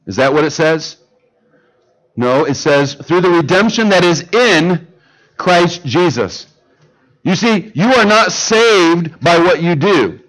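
Man, preacher, high voice, earnest sermon, emphatic, dips low for stress. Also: expressive, slow pace, fairly bright tone, low-quality recording.

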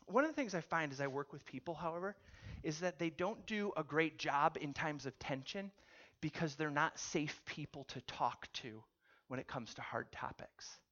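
A man preaching a sermon, telling a story with animated delivery and putting questions to his audience. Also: a little high, normal speed, dull audio. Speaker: pastor.

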